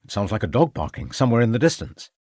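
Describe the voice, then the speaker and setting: In a crime audiobook, a man plays a sharp police inspector who questions people in a formal, precise and insistent way, his mood probing. His voice is medium-pitched and darkish, sing-song and quick. The recording is studio quality with no echo.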